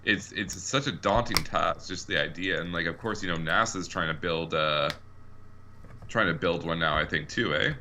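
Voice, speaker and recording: A man with a Canadian accent chatting casually while gaming, halting and full of fillers. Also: deep voice, background noise. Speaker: co-host.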